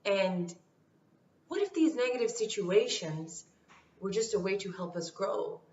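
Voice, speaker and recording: A woman's voice: mid-range voice, lively intonation, measured pace, a little mellow, a little hiss or hum. A woman vlogger talking casually to camera with motivational life advice, emphatic and repeating her key phrases. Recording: roomy, distant, dull sound.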